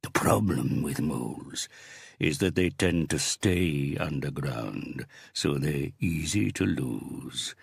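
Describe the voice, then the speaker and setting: A man voicing a huge, theatrical crime boss who speaks in slow, mocking, thundering tones. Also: rumbling low, lively intonation, vocal fry, slightly rough, no room sound, clean studio sound, heavily acted. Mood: mocking menace.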